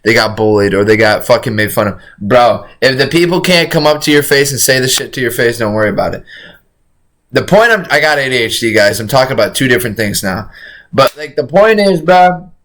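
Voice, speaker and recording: A man's voice: medium pitch, lively intonation, brisk, fairly bright tone. A man streaming a casual reaction, rambling in slangy, profane talk and saying "bro" constantly. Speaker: streamer reacting to a crime video.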